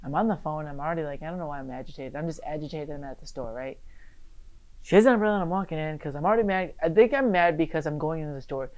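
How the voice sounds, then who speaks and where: A young man from Michigan chatting on a podcast as a guest, swearing freely and telling animated stories that burst into loud shouts. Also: a little high, rapid-fire, poor audio. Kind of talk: casual podcast chat.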